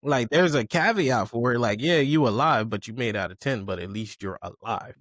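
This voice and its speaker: Animated man retelling a story, dry sound. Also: mid-range voice, moderate pace, no room sound. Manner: animated storyteller who acts out quotes, swears freely. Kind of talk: casual podcast chat.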